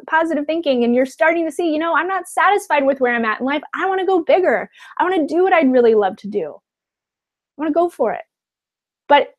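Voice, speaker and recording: A woman life coach giving a webinar talk, encouraging, often checking in with "okay?" and acting out the voices of others. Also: sits high.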